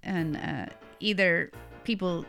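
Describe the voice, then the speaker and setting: A woman's voice: lowish voice, slow pace, creaky, fairly bright tone, faint music behind. A middle-aged woman co-hosting a podcast, telling a travel story in a rambling, chatty way and laughing often. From United States. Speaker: podcast co-host. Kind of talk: casual chat, travel storytelling.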